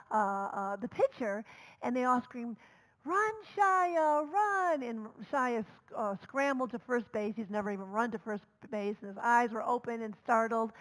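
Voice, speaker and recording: A woman minister delivers a storytelling sermon in a somewhat high voice. She talks conversationally, with fillers and asides. Her level swings from loud calls down to soft near-whispers. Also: poor audio.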